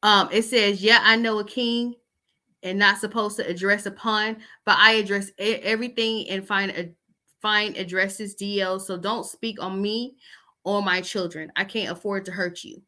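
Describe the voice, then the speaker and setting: A woman's voice: mid-range voice, fairly even intonation, normal speed, pushed and bright. A woman chatting casually as host, reading out text messages with loose asides.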